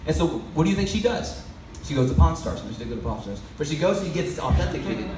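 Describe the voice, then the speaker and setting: Speaking fast and very animatedly, this man has a high-leaning, darkish voice as he delivers a storytelling talk with a sermon feel. He keeps it loose and chatty, often asking his audience questions, recorded from a distance in an echoey hall with faint noise behind him.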